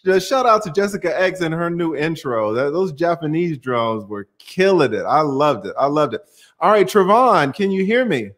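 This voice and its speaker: Chatty, animated, fairly high-voiced man. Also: normal speed. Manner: animated, chatty, frequent "uh" fillers. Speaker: host of a live-stream panel. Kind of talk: casual live-stream chat.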